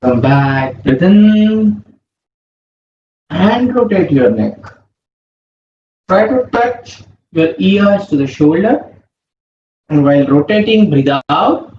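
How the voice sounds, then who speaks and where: A man, leading a yoga class with calm, slow breathing cues. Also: sits high. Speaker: yoga instructor. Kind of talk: guided yoga instruction. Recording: roomy, distant, muffled with faint hum.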